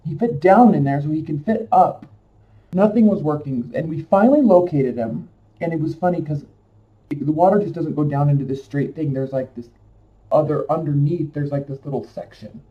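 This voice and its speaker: Man, higher voice, casual emotional storytelling, rambling with fillers; set back from a dull lo-fi mic. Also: normal speed, distant mic.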